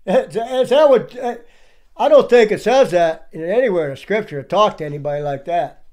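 A man's voice: high voice, expressive, fairly quick, a little mellow. A man giving indignant, preachy commentary over clips and firing off rhetorical questions. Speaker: online commentator.

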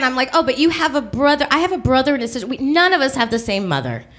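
A woman performing live stand-up comedy, telling a story with lively delivery and acting out other voices. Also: fairly high pitch, racing, hardly any pauses. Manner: animated storytelling, acts out voices. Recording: live show with faint noise.

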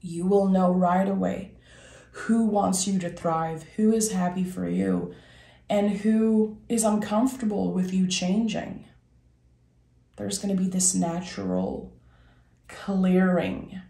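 A woman giving a monthly tarot reading, talking gently and reassuringly straight to her viewers and slowing down on key phrases. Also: medium pitch, fairly even intonation, gravelly, reverberant. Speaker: tarot reader.

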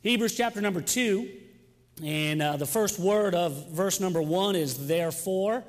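Young man, youth pastor, chatty and joking with the congregation, slightly high voice, long reverb of a church sanctuary. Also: unhurried. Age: young adult. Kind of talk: sermon announcements and storytelling.

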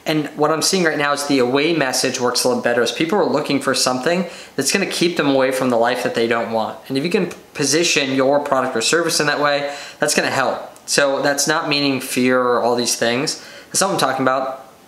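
A man hosting a business podcast, talking energetically on his own and rattling off quick lists. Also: mid-range voice. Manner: energetic, rapid lists, acts out excited buyers. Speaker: podcast host. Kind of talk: solo business podcast talk. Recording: roomy echo.

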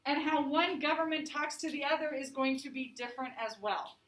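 High-voiced woman lecturing in an echoey room. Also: a little fast, fairly bright tone, distant mic. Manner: conversational, checks in with frequent "right?" and "okay?". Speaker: teacher. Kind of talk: classroom lecture.

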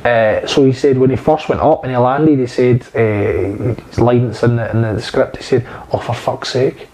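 A man's voice: mid-range voice, steady tone, normal speed, mellow, low-quality recording. A man, an actor chatting casually and telling long, rambling anecdotes full of fillers and swearing. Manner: rambling, profane storyteller with many fillers. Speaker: actor guest.

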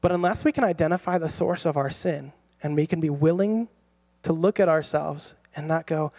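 A pastor in his thirties telling a personal story in a sermon, animated and laughing often. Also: a little high, moderate pace. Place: church.

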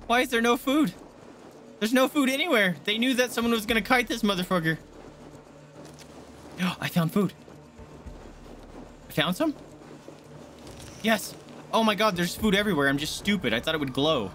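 A young man streaming a game live, swearing and panicking in excitable outbursts. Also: high-pitched, normal speed, long pauses, slight background noise. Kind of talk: live gameplay commentary.

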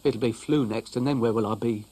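A man's voice: mid-range voice, a little fast, warm tone, close to an everyday voice. A man voicing a grumpy, self-pitying male dog in a cartoon, huffing and grumbling indignantly. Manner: huffy, indignant, mutters and grumbles.

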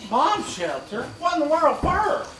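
A man's voice: very high voice, big pitch swings, unhurried, heavily acted. An actor playing a goofy, overly agreeable hillbilly man from Alabama, folksy and laughing. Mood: amazed. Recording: echoey room from a far camera with hiss.

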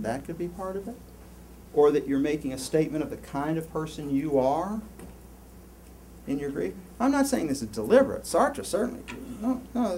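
A man giving a university lecture, rambling and animated, with many restarts and asides to the class. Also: on the high side, a little hiss or hum. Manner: animated, rambling, lots of self-interruptions. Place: lecture hall.

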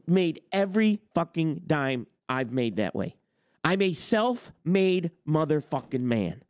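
A man in his forties rants as host, cursing freely and boasting. His pitch leaps and drops with every point he hammers home. The sound is close and dry, with no room around it. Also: a little mellow, no echo. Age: 40s. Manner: blunt, boastful, swears constantly. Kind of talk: heated profane rant.

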